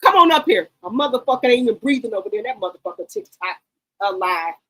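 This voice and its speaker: Loud, profane woman gossip host. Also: fairly high pitch, big pitch swings, quick pace, poor audio. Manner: loud, profane, emphatic hype; talks straight to her chat viewers. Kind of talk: casual reality-TV commentary.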